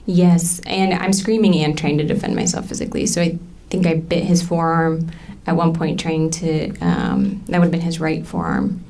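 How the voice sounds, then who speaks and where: A woman in her thirties testifying in a courtroom, halting and full of ums as she recounts what happened. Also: deep voice, lively intonation, mellow. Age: 30s. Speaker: trial witness.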